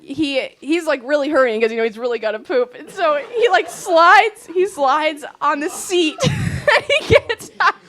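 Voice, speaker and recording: A teenage girl telling a funny trip story to an audience, animated and laughing as she acts out what people said. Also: sits high, moderate pace, hardly any pauses. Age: teens. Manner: animated, laughing, acting out quotes. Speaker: student sharing a trip story.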